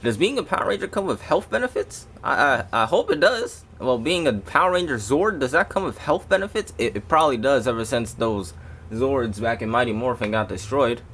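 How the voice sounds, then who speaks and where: A man's voice: mid-range voice, animated, fairly quick, a bit bright, slight background noise. A man doing a casual toy review, rambling and breaking off into jokey asides to his viewers.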